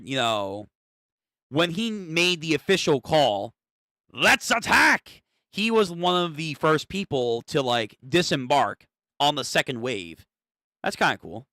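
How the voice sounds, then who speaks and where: A young man streamer reacts live to a manga chapter, swearing casually as he goes. His voice is bright and swings up and down a lot. The sound is close and dry. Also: on the high side, big pitch swings, a little slow, no echo. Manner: casual and profane, reacting out loud.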